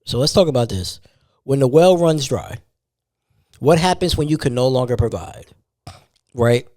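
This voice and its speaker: Podcast host, young man, tired, slangy casual delivery, mellow dark tone, dry close sound. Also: mid-range voice, animated, moderate pace, dry recording. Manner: street slang, loose and conversational. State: tired, yawning. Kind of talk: casual monologue.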